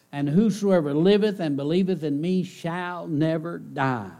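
A man preaching a sermon to a congregation, repeating his key phrases and swinging between loud outbursts and hushed lines. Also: on the high side, a little slow, vocal fry, few pauses. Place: church service.

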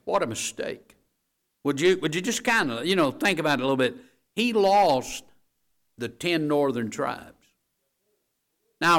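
Folksy preacher building to loud emphasis. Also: male voice, a little high, lively intonation, normal speed. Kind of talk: sermon.

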